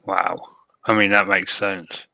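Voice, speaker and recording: An easygoing man co-hosts a podcast, rambling through his explanations. His voice is low with a forceful edge. The sound is close and dry. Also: flat delivery, slow pace, vocal fry, no room sound. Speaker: podcast co-host. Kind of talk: casual chat.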